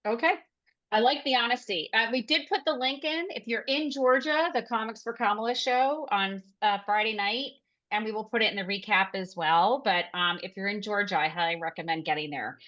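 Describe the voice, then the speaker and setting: A woman hosts a podcast interview over a video call, upbeat and encouraging as she asks questions. Her voice has a middle pitch, and the audio comes through a bit dull and lo-fi. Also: fairly quick, a bit bright. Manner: upbeat, laughing along, encouraging. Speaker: podcast host. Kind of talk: interviewing a guest.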